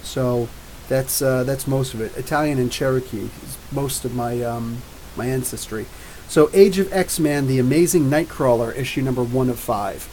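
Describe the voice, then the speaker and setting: A man in his forties from New Jersey, hosting a live comics podcast and answering viewer comments in a rambling, jokey way, with drawn-out R's. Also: medium pitch, darkish tone, a little hiss or hum, rough recording. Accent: New Jersey with drawn-out Ohio-style R's. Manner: rambling, jokey, talks back to chat. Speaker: podcast host.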